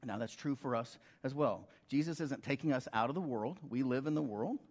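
A man's voice: mid-range voice, lively intonation, a little fast, darkish tone. Middle-aged male pastor, casual preaching voice, checks in with the congregation. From United States. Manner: conversational, rhetorical questions to the congregation. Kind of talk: sermon.

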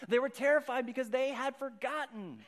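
A man's voice: very high voice, fairly quick. A man in his thirties, a pastor giving a sermon with a rambling personal story, often repeating his words. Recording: long hall reverb.

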